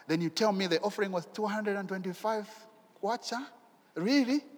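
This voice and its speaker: A man preaching a sermon in an animated way, asking rhetorical questions and repeating his phrases. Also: high voice, a little fast, in a large hall.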